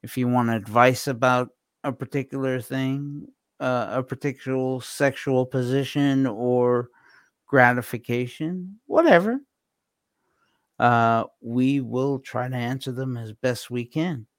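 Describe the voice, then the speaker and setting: A man co-hosting a casual podcast, talking with many fillers and pauses. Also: mid-range voice, no echo, clean studio sound. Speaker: podcast co-host.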